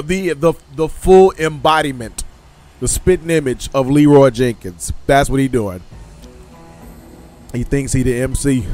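A man, commentating his co-op stealth game casually, excitable and joking, teasing his partner. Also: medium pitch. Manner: excitable, jokey, trash-talks his partner, bursts into loud laughs. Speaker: gaming channel host.

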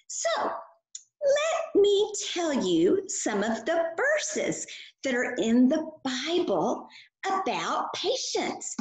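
A woman teaching children a Bible lesson with a puppet, gentle and patient in a sing-song way. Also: fairly high pitch. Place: chapel. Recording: echoey chapel room.

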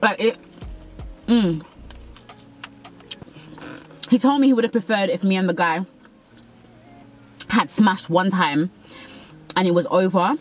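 A woman's voice: mid-range voice, slow, long pauses, poor audio. A young woman, candidly telling a personal dating story, quoting others and swearing freely. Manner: candid, swearing, acts out quotes. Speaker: vlogger. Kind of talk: casual storytelling.

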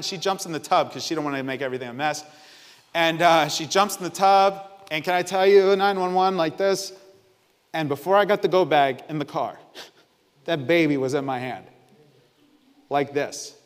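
A man preaching a sermon, telling a personal story in an animated way and acting out the people in it. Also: on the high side, normal speed, long reverb tail. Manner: animated storytelling, voices quoted people, exclaims. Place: church sanctuary.

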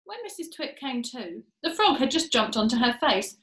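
A woman reading a children's book aloud, with an expressive, lively manner. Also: fairly high pitch, normal speed. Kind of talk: storybook read-aloud. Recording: roomy echo.

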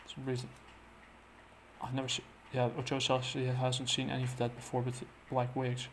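A man casually recapping a comic book plot, halting and full of fillers and restarts. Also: mid-range voice, completely flat delivery, a little hiss or hum.

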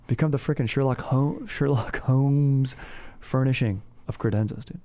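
A man's voice: medium pitch, moderate pace, mellow. A young man hosting a comedy podcast, chatting casually in bro slang and saying "dude" all the time. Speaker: podcast host.

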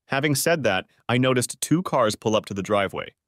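Expressive male audiobook story narrator. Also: medium pitch, brisk, few pauses, dry recording, clean studio sound. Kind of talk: first-person story narration.

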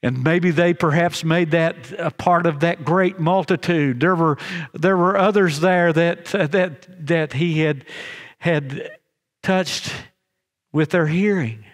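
Guy preaching a sermon, kinda high voice, lots of restarts, slows way down on the big lines, chapel echo. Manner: earnest, halting restarts, slows for emphasis. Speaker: pastor. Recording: long reverb in a chapel.

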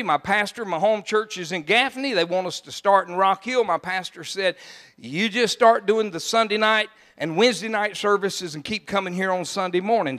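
Older preacher, high-pitched and folksy. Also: male voice. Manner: folksy storytelling, bursts into shouts. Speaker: pastor. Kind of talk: sermon with storytelling.

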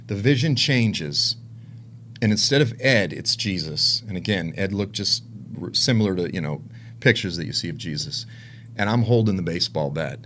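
A man preaching a personal testimony in sermon style, his voice lively and wide-ranging in pitch. He swings between hushed, low moments and intense, raised ones as he tells the story with deep emotion. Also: normal speed.

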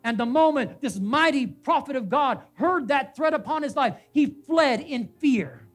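A man's voice: very high voice, expressive, a little slow, faint music behind. A male pastor preaching a sermon in a church. He repeats names and phrases for emphasis and puts questions to the congregation. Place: church sanctuary.

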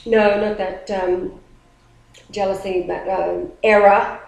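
A woman telling a story in casual talk, animated and rambling, often restarting her sentences. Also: medium pitch, slow pace, gravelly. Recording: roomy echo.

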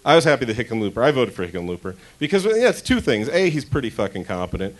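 A man's voice: medium pitch, sing-song, fast. A man from Denver doing a stand-up comedy set on a club stage, chatty and crude, often interrupting himself.

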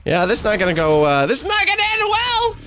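A young man commentating gameplay, excitable, cursing freely and swinging between shouts and mutters. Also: very high-pitched, fast talker, a little hiss or hum. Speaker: gaming YouTuber.

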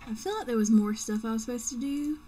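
A young woman narrates her own gameplay in a casual, self-mocking way, swearing freely. Her voice is mellow and sits a little high. She mutters half to herself between remarks. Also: fast, slight background noise. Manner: joking, profane, talking to herself. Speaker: let's play gamer. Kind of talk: casual game commentary.

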